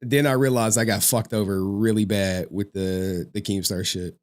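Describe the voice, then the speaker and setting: A male streamer hosting a casual chat, talking in a profane and animated way and repeating other people's phrases back. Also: on the low side, normal speed, music in the background. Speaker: streamer host.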